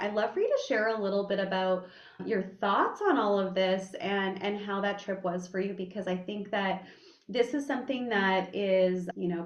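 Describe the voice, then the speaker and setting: A woman hosting a podcast in a casual interview chat, a candid, animated storyteller who swears freely. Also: medium pitch. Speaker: podcast host. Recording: echoey room, dull lo-fi sound.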